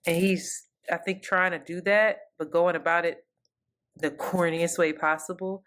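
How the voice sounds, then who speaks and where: A woman's voice: lowish voice, fairly even intonation, unhurried, a bit bright, a little hiss or hum. A woman co-hosting a casual pop culture podcast, giving blunt, opinionated takes. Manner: opinionated, blunt, laughs often. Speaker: podcast co-host.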